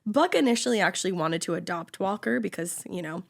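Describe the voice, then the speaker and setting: A woman's voice: on the low side, lively intonation, a little fast, creaky. A young woman co-hosting a podcast, telling a true-crime story in casual chat with sarcastic asides and casual swearing.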